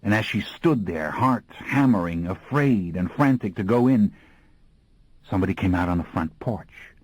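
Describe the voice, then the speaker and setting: A man's voice: low voice, animated, normal speed, dry recording, rough recording. A man reading an audiobook in a folksy, slangy storytelling voice. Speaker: audiobook narrator. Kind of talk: scripted audiobook narration.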